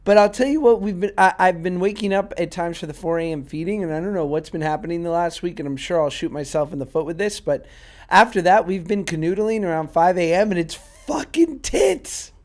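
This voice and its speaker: A man in his thirties co-hosts a casual podcast chat, telling stories in a relaxed way. He laughs often and swears freely as he talks. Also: high-pitched, fast. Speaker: podcast co-host.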